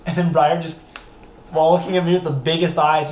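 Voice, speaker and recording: A young man hosts a podcast and tells a story in a casual, animated way, swearing freely. His voice sits a little high for a man. The room gives a roomy echo with faint noise behind. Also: fairly quick. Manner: animated, profane, laughing storyteller. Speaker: podcast host.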